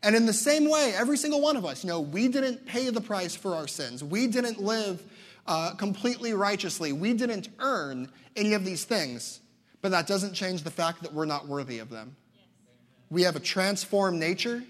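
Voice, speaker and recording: A young adult man preaching a sermon, telling stories in an animated way as pastor. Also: sits high, normal speed. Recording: long hall reverb.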